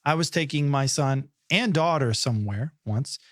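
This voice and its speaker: A man's voice: medium pitch, normal speed, dry recording, clean studio sound. A man in his forties co-hosting a podcast, telling a story in casual chat and acting out the voices. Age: 40s. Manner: animated storyteller, acts out voices and laughs. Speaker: podcast co-host.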